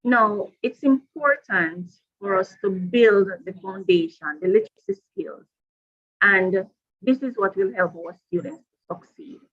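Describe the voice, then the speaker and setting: A woman presenting a professional development workshop to teachers, deliberate and repeating her key points. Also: mid-range voice, muffled recording.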